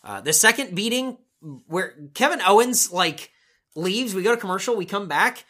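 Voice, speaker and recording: A man's voice: high voice, big pitch swings, normal speed, pushed and bright. A man co-hosting a podcast, rambling through a casual play-by-play recap with swearing tossed in. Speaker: podcast co-host. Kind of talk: casual wrestling recap chat.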